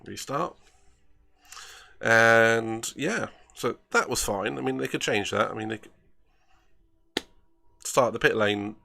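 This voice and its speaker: A man's voice: medium pitch, takes it slowly, creaky, long pauses, pushed and bright. A man chatting casually while streaming a racing game, rambling and grumbling at himself with self-mocking asides.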